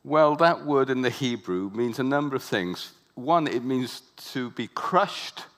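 A man preaching a sermon with passion, repeating words for emphasis and building to loud, emphatic peaks. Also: medium pitch, animated, unhurried.

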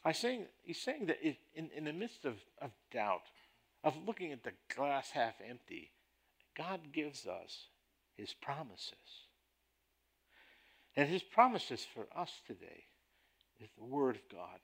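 A man preaching a sermon as a pastor, deliberate and emphatic in his delivery. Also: medium pitch, very animated, vocal fry, a bit bright, husky.

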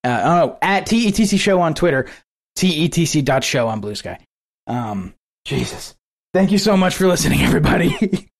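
Excitable laughing podcast co-host. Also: male voice, a little high, moderate pace. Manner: excitable, laughs a lot, swears casually. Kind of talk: casual chat.

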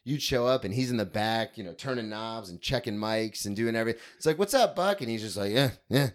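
A man in his thirties with a lowish voice, talking loosely on a podcast. He tells stories with animated quoted voices and casual swearing. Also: quick pace. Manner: animated storyteller, swears, acts out quoted people. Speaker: podcast host. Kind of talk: casual chat.

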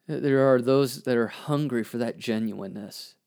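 A man hosting a podcast, reflecting earnestly on his own poem in a halting way, with many restarts and fillers. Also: mid-range voice, gravelly, a little mellow. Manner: earnest and searching. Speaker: podcast host and therapist.

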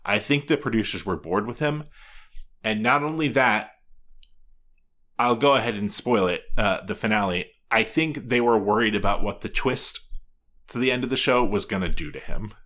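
A man co-hosting a casual chat, recounting a reality show in a soft, rambling way. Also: fairly low pitch, normal speed. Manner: rambling, soft-spoken, frequent restarts. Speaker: podcast co-host.

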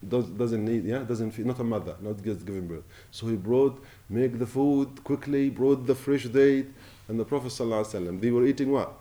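Man, middle-aged, preacher, passionate rise and fall, mellow tone. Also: medium pitch. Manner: impassioned, rising and falling, recites Arabic quickly. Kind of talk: Ramadan sermon.

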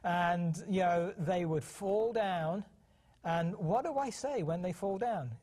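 A man's voice: sits high, takes it slowly, darkish tone. A middle-aged British man co-hosting a parenting program, talking casually with many restarts and acting out quoted voices. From United Kingdom. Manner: chatty, hesitant restarts, acts out quoted voices. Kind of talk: casual television talk.

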